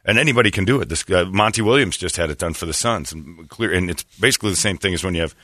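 Deep-voiced radio host spinning a yarn. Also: male voice, fast, dry recording, clean studio sound. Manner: rambling, animated storyteller with a jokey, irreverent edge. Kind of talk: casual on-air banter.

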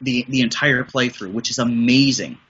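A man's voice: mid-range voice, moderate pace, a bit bright, lo-fi sound, a little hiss or hum. A middle-aged man from the Midwest, chatting casually as a podcast guest, rambling enthusiastically with frequent restarts. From American Midwest. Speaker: podcast guest, voice and audio producer. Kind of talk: casual interview chat.

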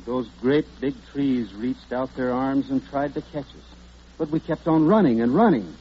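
A man playing a guest cowboy on a 1940s radio comedy show, answering in a slow, innocent, deadpan way. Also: medium pitch. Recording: dull old radio broadcast with faint hiss.

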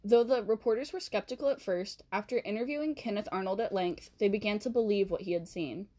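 A woman's voice: mid-range voice, a little fast, dark tone. A woman hosting a podcast, narrating history in a casual way, with chatty asides and self-corrections, speaking into a handheld mic. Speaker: podcast host. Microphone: handheld mic she has to hold still.

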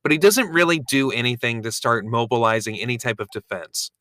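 A man's voice: mid-range voice, expressive, fairly quick, sharp tone, dry recording, clean studio sound. A man co-hosting a podcast in casual chat, frank and crudely joking as he recaps episodes. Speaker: podcast co-host recapping a reality show.

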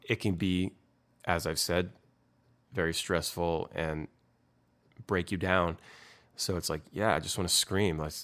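Low-voiced man rambling candidly. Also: fairly bright tone. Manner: rambling, candid, swears freely. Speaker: band singer explaining his lyrics. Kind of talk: casual talk about song lyrics.

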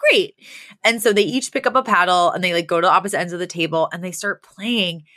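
A woman's voice: lowish voice, quick pace, bright, forceful tone, dry recording. A woman co-hosting a podcast, casually retelling a sitcom episode and acting out the characters' lines. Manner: chatty storytelling, acts out quoted lines. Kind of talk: casual chat.

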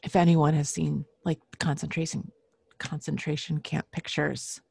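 Low, gravelly woman telling a story slowly. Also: little pitch movement, darkish tone, dry recording. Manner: halting, many fillers and restarts; frequently clears throat. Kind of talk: casual personal storytelling.

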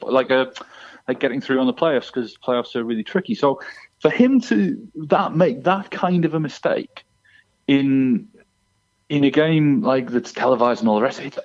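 A man's voice: mid-range voice, a little mellow. A man calling in to a podcast by phone, talking in a rambling, exasperated way with many restarts. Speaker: guest on the phone. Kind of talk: casual chat. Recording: dull phone line.

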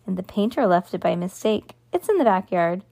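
A woman reading aloud, voicing an excitable young girl with a flair for drama in a high, bright voice. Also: a little fast, vocal fry. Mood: dramatic.

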